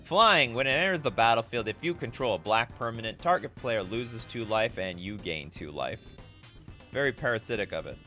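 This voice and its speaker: A man's voice: mid-range voice, animated, moderate pace, sharp tone, soft background music. A man streaming live, reading viewer requests in casual, self-mocking chat, laughing often.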